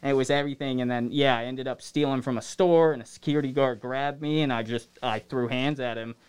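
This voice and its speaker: Man with a smooth, clear voice as a rambling, easygoing podcast guest. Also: mid-range voice, steady tone, fairly quick. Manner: loose, rambling storytelling. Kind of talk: casual chat.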